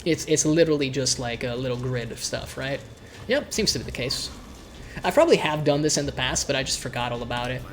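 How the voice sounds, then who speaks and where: A man's voice: medium pitch, a little fast, a little hiss or hum. Loose, irreverent man streaming a game. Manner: loose, irreverent, often repeating words as he restarts. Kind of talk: live gameplay commentary.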